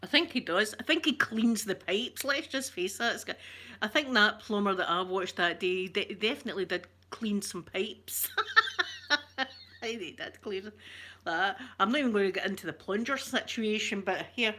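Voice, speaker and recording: This woman from Scotland speaks at a medium pitch and normal speed in a bright, forceful tone. On her ASMR channel's live stream she chats in a rambling, joking way and calls out viewers by name.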